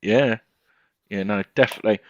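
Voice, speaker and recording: A man's voice: fairly low pitch, a little fast, no echo. A man from England hosting a casual football chat, steering the talk and swearing freely. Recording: dull, dry lo-fi sound.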